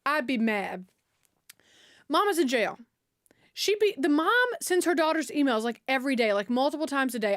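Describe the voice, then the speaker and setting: A woman's voice: high voice, expressive, fairly quick, no room sound, clean studio sound. A young woman streamer retelling a story in casual, slangy chat, full of fillers and outbursts.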